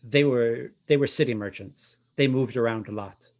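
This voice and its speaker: Guy doing earnest young nun lady, touch of french accent, halting and admiring. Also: mid-range voice, darkish tone, natural voice. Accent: light French accent. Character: young woman, eager nun scholar.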